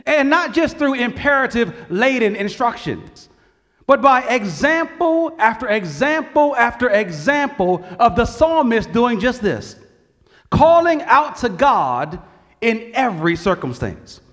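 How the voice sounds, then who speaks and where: A man preaches slowly and earnestly in a very high voice, his pitch rising and falling with feeling. His words echo through the long reverb of a church hall. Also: sing-song, fairly bright tone. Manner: earnest preaching, rising on quoted cries to God. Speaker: pastor. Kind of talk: sermon.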